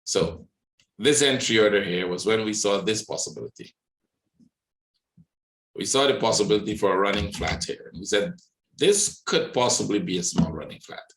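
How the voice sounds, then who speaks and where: A man hosting a trading webinar, walking through charts live and thinking aloud, often checking in with a quick "right?". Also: lowish voice, animated, roomy sound, poor audio. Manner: thinks aloud, many "right?" tag questions. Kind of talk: live market analysis walkthrough.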